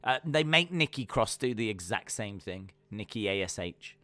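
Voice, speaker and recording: A man's voice: fairly low pitch, expressive, normal speed, sharp tone, dry recording. A man hosting a live wrestling reaction stream, chatting casually with lots of fillers and reading viewer comments aloud.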